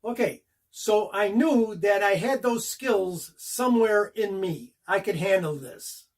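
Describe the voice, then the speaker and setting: An older man with a husky, somewhat high-pitched voice tells a story from his acting career straight to the camera. He talks casually and with animation, walking through each moment of the action step by step. The tone stays relaxed and personal. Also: takes it slowly. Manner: animated, acts out the scene beat by beat. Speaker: actor telling a career story.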